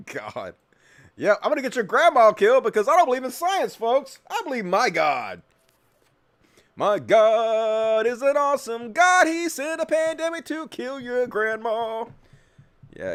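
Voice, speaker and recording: A male host giving profane, sarcastic political commentary, swinging between mutters and yells. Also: very high voice, big pitch swings, unhurried.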